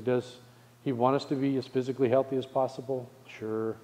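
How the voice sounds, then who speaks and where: A male pastor preaching a sermon, asking the congregation rhetorical questions and slowing down to stress key phrases. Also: mid-range voice, little pitch movement, mellow, big-room sound.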